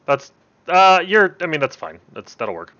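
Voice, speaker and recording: A man's voice: a little high, very animated, moderate pace, sharp tone. A man running a tabletop game as game master, reading rules aloud with hesitant fillers over an online call. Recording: dull lo-fi call audio.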